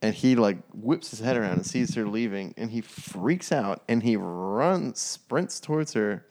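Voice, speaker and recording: A man, a podcast guest, telling stories in an animated, casual way with many restarts. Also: on the low side, a little slow. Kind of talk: casual chat.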